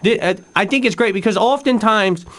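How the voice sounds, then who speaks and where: A man's voice: high voice, brisk, fairly bright tone. A man co-hosting a comedy radio show, telling rambling stories with sudden emotional swings. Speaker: radio co-host. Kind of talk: comic radio storytelling.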